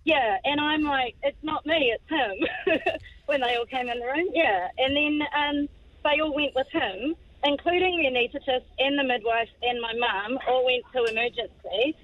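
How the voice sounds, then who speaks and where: A woman's voice: high voice, normal speed. A woman calling in to a radio show, telling her story in a matter-of-fact way and chuckling at herself. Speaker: radio caller. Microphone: phone. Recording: dull phone-line call.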